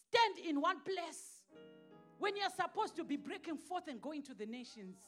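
A woman preaching with a very high, ringing voice that swings from fervent shouts down to quiet, hushed readings of scripture. Soft music plays faintly under her sermon. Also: big pitch swings, normal speed.

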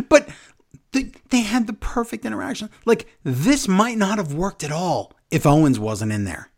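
A man's voice: slow, long pauses. A man casually recapping wrestling events for a co-host, acting out quotes with big jumps in his voice. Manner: animated storyteller, acts out quotes with big pitch jumps. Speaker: podcast co-host.

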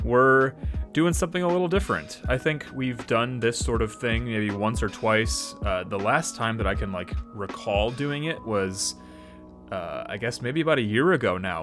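A man with a slightly low voice hosts a faith podcast. He talks loosely and unscripted, with plenty of fillers and restarts, then reads scripture aloud in a steady way. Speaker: podcast host. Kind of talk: casual podcast talk and Bible reading.

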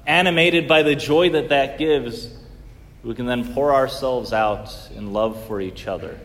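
Earnest priest preaching in a church. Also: male voice, mid-range voice, measured pace, big-room sound, slight background noise. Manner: earnest, swings from loud emphasis to soft hush. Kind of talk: sermon.

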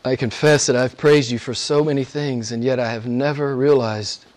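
A man preaching a sermon and praying to a live congregation, earnest, slowing down and stretching key words for emphasis. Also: mid-range voice, fairly even intonation, a little mellow.

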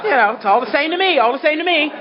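Animated woman telling a funny story. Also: sits high, racing, heavy background noise. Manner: animated, laughing as she talks. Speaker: speaker sharing her story at a recovery meeting. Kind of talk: humorous storytelling to an audience. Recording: dull recording with a crowd behind.

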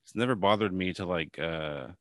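Rambling low-voiced man in his late thirties. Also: a bit bright, no echo. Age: late 30s. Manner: rambling, halting, profane storytelling. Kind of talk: casual chat.

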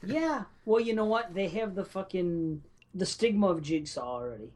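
A woman's voice: mid-range voice, expressive, normal speed, darkish tone, poor audio. A woman in casual podcast chat about a film, blunt and swearing heavily as she explains her take. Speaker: podcast co-host.

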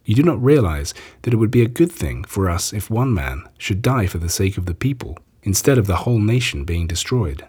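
Brief: a male reader giving a firm, scheming priest, low and resonant. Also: big pitch swings, fairly quick, few pauses, darkish tone, husky, heavily acted. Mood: stern. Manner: firm, plain reading of quoted speech. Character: stern grown male high priest, scheming.

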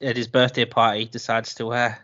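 A man's voice: medium pitch, monotone, a little fast, pushed and bright, muffled recording. A man chatting casually on a film podcast, recapping scenes with laughter and swearing. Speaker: podcast co-host.

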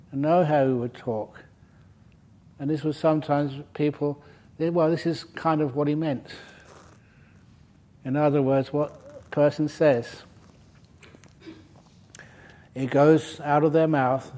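A man teaches a sutta class at a meditation retreat, his voice sitting a little higher than most. He wanders into jokes and asides, correcting himself with good humour before returning to the teaching. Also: dark tone. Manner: humorous, digressive storytelling. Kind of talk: dharma talk at a meditation retreat. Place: retreat centre meditation hall.

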